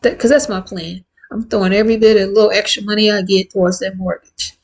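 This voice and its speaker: A woman in her fifties talking candidly and warmly to her viewers in a casual, heartfelt vlog. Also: mid-range voice, fairly even intonation, fast, low-quality recording. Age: 50s. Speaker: vlogger. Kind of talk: casual chat to camera.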